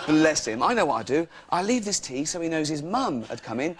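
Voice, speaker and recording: A man's voice: a little high, big pitch swings, fairly quick, heavy background noise. Cheeky, rambling male comedian. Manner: rambling, cheeky, laughs at own jokes. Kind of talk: stand-up style comic monologue.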